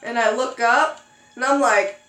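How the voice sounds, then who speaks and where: A young woman vlogger telling a story in a casual chat, animated and acting out quotes. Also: unhurried, roomy sound, rough recording. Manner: animated, acts out quotes with sudden high squeals.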